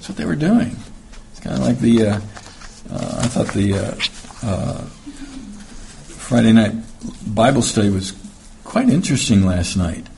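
A man's voice: lowish voice, very animated, unhurried, vocal fry, long pauses, warm tone, slight background noise. A man teaching through scripture verse by verse in a conversational sermon, with plenty of fillers and restarts, who acts out the voices in the passages he reads. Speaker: Bible teacher. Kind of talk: verse-by-verse Bible study sermon.

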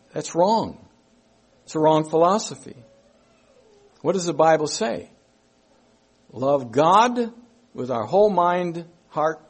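Slow, husky-voiced male preacher. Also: fairly high pitch, a little mellow. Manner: slow, emphatic, repeats key phrases. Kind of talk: sermon.

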